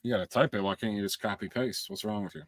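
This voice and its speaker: A man's voice: fairly low pitch, fairly even intonation, fast, no echo. Sarcastic, teasing male co-host. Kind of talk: casual live-stream chat.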